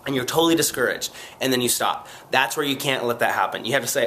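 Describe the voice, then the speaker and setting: A man chatting casually to camera in a vlog, rambling and excitable, sore after a long run, poking fun at himself between plenty of fillers. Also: medium pitch, fast, few pauses. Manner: rambling, excitable, self-mocking, lots of fillers. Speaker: vlogger.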